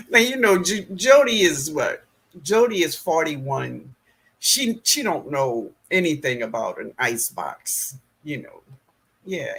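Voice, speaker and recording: A man's voice: a little high, fairly bright tone, husky. A middle-aged man hosting a live gardening stream, reading the chat aloud and greeting viewers by name, laughing often.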